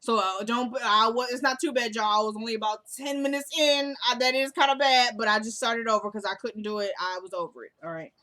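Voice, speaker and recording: A woman's voice: a little high, steady tone, a little fast, hardly any pauses, pushed and bright. A woman vlogger chatting casually to her viewers as she recaps a TV drama episode, often laughing. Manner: talkative, laughs often, addresses viewers as y'all.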